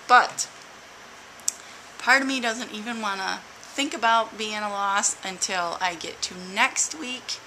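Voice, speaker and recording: A woman's voice: medium pitch, vocal fry, pushed and bright, a little hiss or hum, low-quality recording. A woman talking casually into her camera for a weight-loss video diary, upbeat and chatty, poking fun at herself. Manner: chatty, upbeat, self-mocking. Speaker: vlogger.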